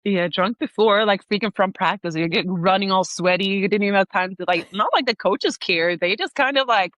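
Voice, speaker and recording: On a muffled, echo-free remote call, a young Swedish-accented woman talks fairly quickly in a mid-range voice. As a podcast guest she chats casually and tells stories with animation, leaning heavily on "like" and laughing frequently.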